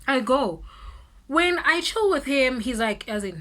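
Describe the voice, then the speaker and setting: Woman, 20s, South African accent, storytime vlogger, bright forceful voice, animated, code-switching, faint background noise. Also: sits high, unhurried. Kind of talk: storytime vlog.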